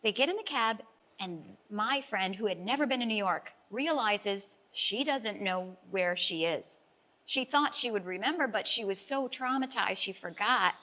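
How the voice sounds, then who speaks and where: On a talk-show interview, a middle-aged life coach recounts an emotional personal experience, sounding earnest and heartfelt and occasionally on the verge of crying. Her medium-pitched voice is bright and forceful, with lively intonation and a slightly slow pace.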